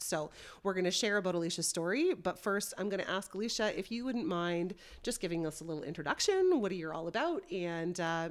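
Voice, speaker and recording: A woman hosting a podcast in upbeat, casual chat, sounding nasal from a head cold. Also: fairly low pitch. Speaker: podcast host.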